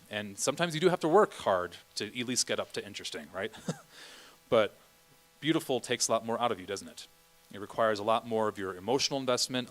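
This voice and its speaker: A man's voice: fairly low pitch, a bit bright, rough recording. A man directing a choir rehearsal, counting beats and singing bits of phrases as he coaches the singers. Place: church rehearsal room.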